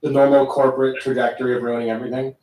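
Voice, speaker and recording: Male chat guest, brisk and matter-of-fact; flat delivery, roomy distant audio. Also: mid-range voice. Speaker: guest in an online audio space. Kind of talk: casual chat.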